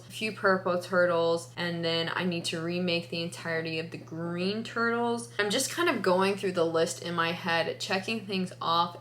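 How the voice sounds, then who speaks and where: A woman's voice: fairly low pitch, fairly bright tone, slight background noise. Tired young woman, chatty vlog ramble. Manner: chatty, rambling, frequent "like" fillers. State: tired and sleepy. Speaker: crochet vlogger. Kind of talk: casual vlog talk to camera.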